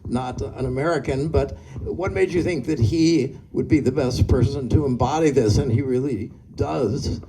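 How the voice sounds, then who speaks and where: A man's voice: medium pitch, moderate pace, hardly any pauses, noisy background. A man moderating a live Q&A in a cinema, asking long, agreeable questions. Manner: agreeable, asks rambling questions. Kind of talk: on-stage Q&A.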